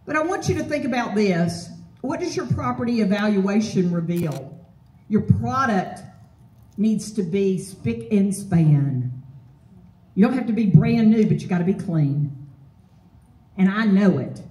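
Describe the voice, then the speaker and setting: A woman giving a motivational property management seminar, energetic, often posing fill-in-the-blank questions to the audience. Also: mid-range voice, measured pace, pauses often. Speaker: property management trainer and speaker. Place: event hall with an audience. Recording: roomy hall, voice from far off.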